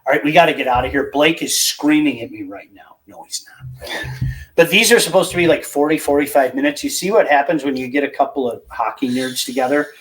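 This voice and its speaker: A middle-aged man hosting a casual sports podcast from a basement studio, excitable and chatty, reading out listener picks. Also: fairly high pitch, fast, few pauses, poor audio. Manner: excitable, chatty, jumps between topics. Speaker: podcast host.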